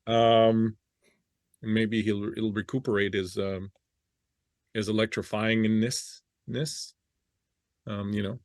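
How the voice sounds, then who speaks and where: A man's voice: fairly low pitch, no echo, studio quality. A man with a French Canadian accent, a player on a tabletop game podcast, talking in a joking, rambling way. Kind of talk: casual podcast chat.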